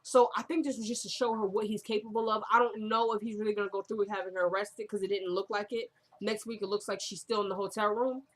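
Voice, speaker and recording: A woman talks through a TV drama episode in a loose, conversational recap. She rambles, trips over her own sentences and corrects herself as she goes. Her voice sits at an ordinary middle pitch for a woman. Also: steady tone, quick pace, few pauses. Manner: chatty, rambling, many fillers and self-corrections; drops into quieter, lower tones when quoting characters. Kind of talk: casual recap commentary.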